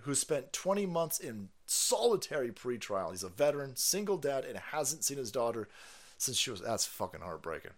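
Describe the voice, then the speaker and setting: A man's voice: mid-range voice, sing-song, moderate pace. A man hosting a casual livestream, reading viewer messages and answering them with profanity, laughter and rambling asides. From South Carolina.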